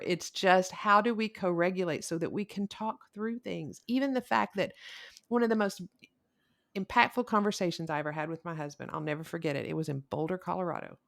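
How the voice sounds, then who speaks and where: A middle-aged woman, a couples counselor hosting a podcast, telling stories in a candid, animated way. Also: lowish voice, brisk, vocal fry. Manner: animated storyteller, candid and expressive. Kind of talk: casual conversational podcast.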